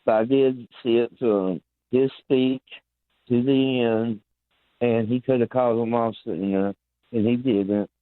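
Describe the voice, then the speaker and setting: A man's voice: medium pitch, fairly even intonation, measured pace, dry recording. A male caller from Tennessee comes through a tinny phone line, dry and thin. He talks in a hesitant way, stopping on fillers as he makes his point. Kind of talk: call-in conversation.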